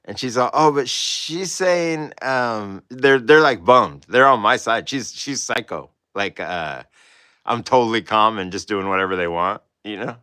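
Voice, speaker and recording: Bright-voiced rambling man telling a story. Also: lowish voice, moderate pace, clear, resonant tone, no room sound. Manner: rambling, laughs often. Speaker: artist hosting a livestream. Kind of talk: casual storytelling.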